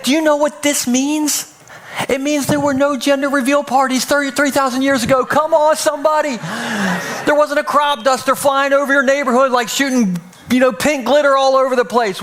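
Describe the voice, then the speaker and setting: A man's voice: very high voice, fairly bright tone, slight background noise. A man preaching a sermon to a live church audience, playful and jokey, acting out little scenes in funny voices. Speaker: pastor.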